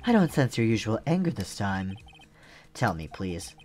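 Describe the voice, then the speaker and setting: A man voicing a courteous, polite assassin with soft menace. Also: fairly low pitch, very animated, slight background noise. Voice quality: measured, mannered politeness. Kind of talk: reading game dialogue aloud.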